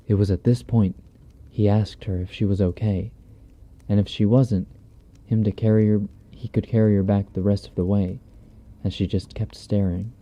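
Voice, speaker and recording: A man with a low, very dark, mellow voice reads a horror story in an easygoing, swear-laden, conversational manner. He sits close to a binaural mic, and the stream audio sounds a little dull and lo-fi. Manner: laid-back, profane, conversational delivery. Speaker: streamer reading horror stories. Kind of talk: casual horror story reading. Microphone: binaural dummy-head mic.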